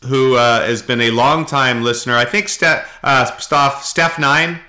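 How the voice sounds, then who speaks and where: Middle-aged male podcast host, bright edge to the voice, halting and anecdotal. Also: medium pitch, fairly even intonation. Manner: rambling storyteller, frequent halting fillers, does voices in anecdotes. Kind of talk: casual podcast chat.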